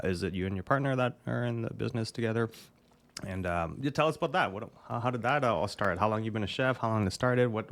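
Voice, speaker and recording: A man's voice: lowish voice, fairly bright tone. A man hosting a casual interview, asking rambling questions and chiming in often with short replies. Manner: rambling questions, frequent backchannels. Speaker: podcast host.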